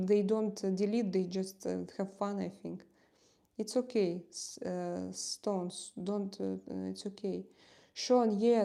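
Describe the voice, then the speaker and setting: A woman with a Russian accent talks in a relaxed, halting way, full of small pauses and fillers. Her voice is dark and mellow, with a gravelly fry running through it. She sounds like a live streamer chatting with viewers from home. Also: mid-range voice. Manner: halting, many "uh" fillers, warm thanks to viewers. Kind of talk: casual live chat reading comments. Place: home in Spain.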